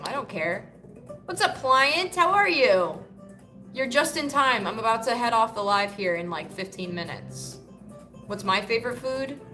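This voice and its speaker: A woman's voice: medium pitch, fairly bright tone. A woman from the United States hosting a casual livestream, answering chat comments in a loose, profane, joking way. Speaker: livestream host.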